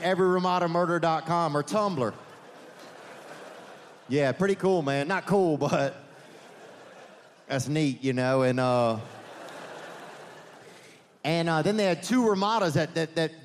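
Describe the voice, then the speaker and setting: A man doing a stand-up comedy set at a live venue. He rambles through the story, corrects himself often and drops deadpan asides. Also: fairly high pitch, a little hiss or hum.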